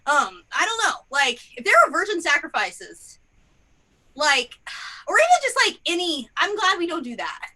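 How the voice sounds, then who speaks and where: A woman's voice: sits high, big pitch swings, normal speed, sharp tone. A woman doing improvised stand-up comedy in a rambling, self-deprecating way, full of fillers and tangents. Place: theatre stage.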